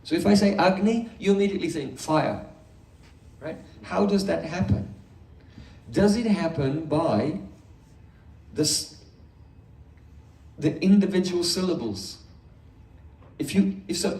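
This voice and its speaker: A spiritual teacher with a slightly high, darkish-toned voice gives a philosophy lecture, explaining step by step and posing rhetorical questions. He is animated but unhurried, with long pauses. The mic sits far off in an echoey room.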